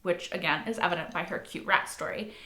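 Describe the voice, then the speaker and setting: A woman's voice: fairly low pitch, a little fast, bright, forceful tone. A young woman hosting a reaction video, talking casually and swearing freely, with a lot of likes and rights. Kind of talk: casual spoken commentary. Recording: echoey room.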